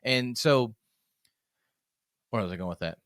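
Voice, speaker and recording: A man's voice: mid-range voice, measured pace, no echo, clean studio sound. A man, a public speaking coach, chatting as a podcast guest and acting out little stories. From United States. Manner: animated storyteller, acts out quoted voices. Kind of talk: casual podcast conversation.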